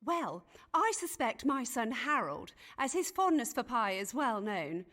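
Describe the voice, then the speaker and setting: A woman's voice: fairly high pitch, big pitch swings, measured pace, a bit bright. An actress voicing a fussy, self-important Elizabethan noblewoman who chatters in archaic phrasing, in a video game. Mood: gossipy. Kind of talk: game voice acting.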